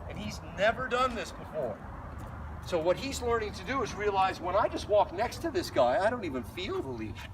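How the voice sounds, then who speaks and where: A man with a fairly high, lively voice teaches a leash lesson outdoors, talking through each step and cheerfully praising the dog between explanations. He sounds a bit away from the mic, with plenty of outdoor noise around him. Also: moderate pace. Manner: explains while walking, breaks off to praise the dog in a light voice. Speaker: dog trainer. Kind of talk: outdoor training demonstration. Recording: distant mic, noisy outdoor.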